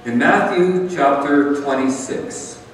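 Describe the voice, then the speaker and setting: Pastor, male, slightly high voice, unhurried earnest sermon delivery, booming hall reverb. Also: soft background music. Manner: earnest, conversational preaching with emphatic repetition. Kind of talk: communion sermon. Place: church sanctuary. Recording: echoey hall, far from the mic.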